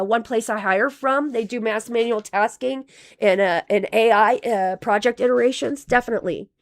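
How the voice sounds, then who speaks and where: A woman live-streaming casual commentary, reading out donations in a rambling, profane way, with her voice wearing thin. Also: mid-range voice. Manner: rambling, profane, with many restarts. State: losing her voice.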